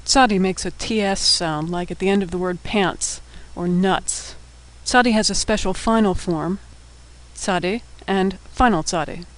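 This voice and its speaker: A man giving a scripted lesson, naming each letter and explaining its sound in a patient, clear way. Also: high-pitched, low-quality recording. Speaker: teacher. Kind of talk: scripted instructional narration.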